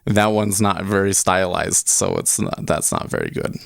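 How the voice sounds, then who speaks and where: A man's voice: low-pitched, moderate pace, creaky, no echo, clean studio sound. A man hosting a casual livestream, rambling and cutting himself off as he talks. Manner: rambling, self-interrupting. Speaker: livestream host.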